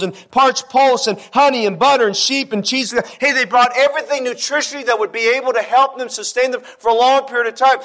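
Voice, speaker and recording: High-voiced preaching pastor. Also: male voice, a bit bright. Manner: emphatic preaching, drawn-out scripture lists; repeats words when building a point. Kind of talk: sermon.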